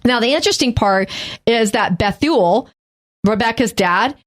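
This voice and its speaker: A woman's voice: on the high side, expressive, a little slow. A woman with a Texas accent, co-hosting a Bible study podcast in a rambling, self-deprecating way. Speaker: podcast co-host. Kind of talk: casual Bible study chat.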